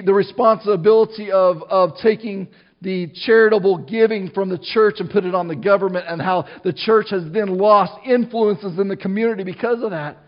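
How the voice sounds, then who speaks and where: A man's voice: high voice, muffled recording. A middle-aged man preaching a sermon to his church, in a conversational style with frequent restarts and asides. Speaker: pastor.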